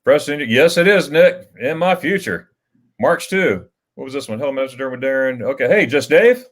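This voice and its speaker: A man hosting a casual livestream, talking in a middle pitch. He rambles through stories, restarting his sentences and chuckling as he goes. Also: animated, normal speed. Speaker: livestream host.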